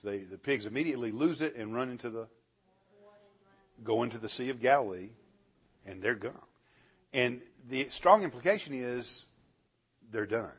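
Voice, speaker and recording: A man teaching a Bible class, animated, asking the class questions and chuckling often, on a dull lo-fi recording. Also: mid-range voice, breathy edge.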